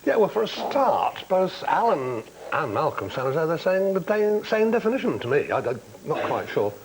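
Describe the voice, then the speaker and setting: A man on a TV panel spins a droll, theatrical tale. His voice rises and falls with lively swings, and a faint hiss sits under it. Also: a little high, normal speed. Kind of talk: witty panel storytelling. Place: TV studio.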